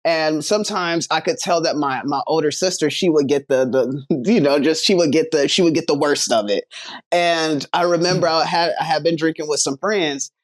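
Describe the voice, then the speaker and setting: A man's voice: on the high side, normal speed. A young man, a guest on a podcast, chatting casually, laughing often and speaking earnestly. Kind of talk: casual chat.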